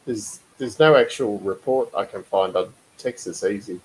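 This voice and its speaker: A man's voice: fairly low pitch, normal speed, darkish tone, husky, poor audio. A man co-hosting a podcast over an online call, chatty, often laughing and restarting his sentences. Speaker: podcast co-host. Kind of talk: casual chat.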